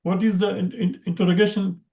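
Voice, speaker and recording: A man teaching a language class online in a halting way, often checking in with "right?" and quickly chanting verses. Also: high voice, level tone, gravelly, dark tone.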